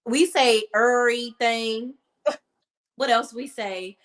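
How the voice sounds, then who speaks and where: A woman with a DC accent co-hosting a casual commentary chat, blunt and animated, swearing freely. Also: a little high, unhurried. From Washington, D.C. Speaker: podcast co-host.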